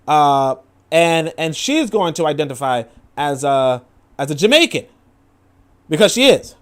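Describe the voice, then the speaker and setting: A man's voice: fairly high pitch, big pitch swings, unhurried. A man commenting casually on a clip, rambling with many fillers. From New York. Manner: rambling, filler-heavy, acts out quoted voices.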